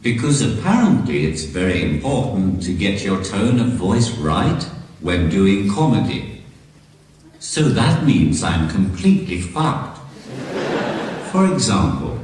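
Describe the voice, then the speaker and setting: A man doing stand-up comedy through a synthesized text-to-speech voice, delivering deadpan jokes on a comedy stage. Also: sits low, slow, slight background noise. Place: comedy stage in a large venue. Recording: echoey hall from far off.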